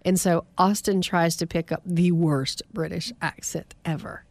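Southern woman from south carolina hosting a podcast, jokey and lively, dry close sound. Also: on the low side, measured pace, dry recording. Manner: lively, joking. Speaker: podcast host. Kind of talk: casual chat.

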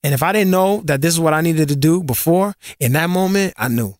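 Man from new york, interview guest, slangy and animated, dry close mic. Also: a little high, fairly quick, no room sound. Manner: animated, slangy, repeats words. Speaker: interview guest, singer and actor. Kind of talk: casual interview storytelling.

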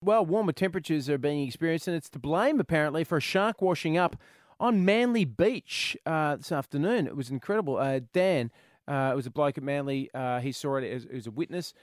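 A man's voice: a little high, animated, brisk, no room sound, clean studio sound. A man hosting a comedic radio show, bantering and joking. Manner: jokey, puts on a mock southern drawl. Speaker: radio host.

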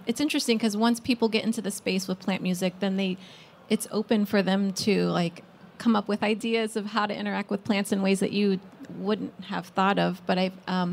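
Gravelly-voiced woman speaking on a panel. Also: mid-range voice, slight background noise. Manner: hesitant, frequent ums. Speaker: panelist, musician. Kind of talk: casual panel discussion.

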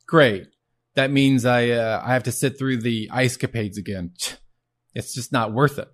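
A man's voice: mid-range voice, steady tone, a little slow, lightly acted. A man doing a neurotic grumbling man.

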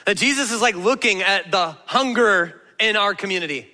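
A man preaching a sermon as pastor, telling the story in an animated, conversational way. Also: high voice, moderate pace, long reverb tail. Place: church auditorium.

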